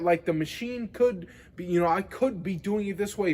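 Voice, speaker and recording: A man's voice: high-pitched, expressive, moderate pace, hardly any pauses, darkish tone. Rambling, profane young man. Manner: rambling, profane, heavy on filler words. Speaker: vlogger. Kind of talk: casual monologue to camera.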